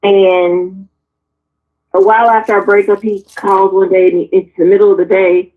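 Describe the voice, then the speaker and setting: A woman in her forties, frank and animated, telling personal stories on a talk panel and swearing freely as she acts out the people in them. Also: medium pitch, moderate pace. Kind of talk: candid personal storytelling. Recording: tinny phone-like sound.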